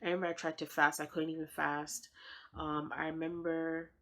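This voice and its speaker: A woman's voice: low-pitched, flat delivery, moderate pace, noisy background. A young woman sharing a personal faith testimony, earnest and heartfelt, often repeating her phrases for emphasis.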